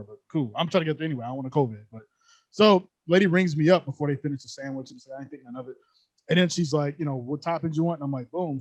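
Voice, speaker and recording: Young male podcast co-host, quick and high-pitched, animated slangy storyteller, dry close sound. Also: dry recording. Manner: animated, slangy, laughs often. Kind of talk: casual storytelling chat.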